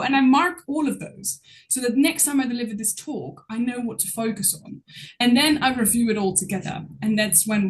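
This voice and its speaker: Woman coach, fairly high voice, lively and laughing a lot, faint background hiss. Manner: expressive, laughs often while talking. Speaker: guest public speaking coach. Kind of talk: casual interview chat.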